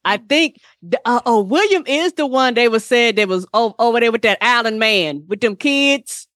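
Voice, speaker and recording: A woman's voice: on the high side, animated, normal speed, a bit bright, no room sound, studio quality. A woman from the United States in casual podcast chat, agreeing, laughing and profane.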